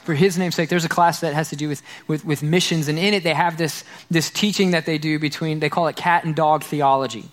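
A man's voice: a little high, steady tone, a little fast, few pauses. A man preaching a sermon as pastor, earnest, repeating key phrases and tripping over repeated words.

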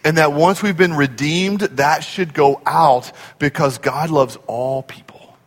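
A man preaching a sermon in a church, telling stories in an animated way and acting out the voices in them. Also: fairly high pitch, a little slow. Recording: long hall reverb.

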